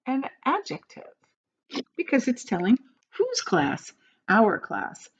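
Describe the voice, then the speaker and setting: A woman teacher walks young students through a grammar lesson on video, patient and encouraging. Her voice rises and falls a lot as she leads them along. The sound is a little dull and lo-fi. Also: medium pitch.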